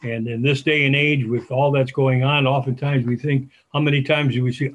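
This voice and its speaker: An older man preaching a sermon as a church elder, folksy and halting, with restarts and asides. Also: mid-range voice, dull audio.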